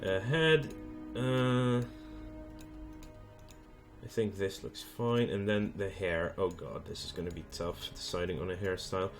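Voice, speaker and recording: A man hosting a let's play, who thinks aloud in relaxed gameplay commentary and stops often on ums and half-finished thoughts. His voice sits somewhat low. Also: a little slow, faint music behind. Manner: hesitant, thinking aloud with many fillers.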